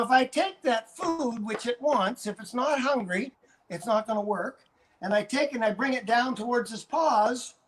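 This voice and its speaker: A man's voice: very high-pitched, a bit bright. An older man from Canada, a dog trainer, coaching viewers on a live stream and going over his points again and again with demonstrations.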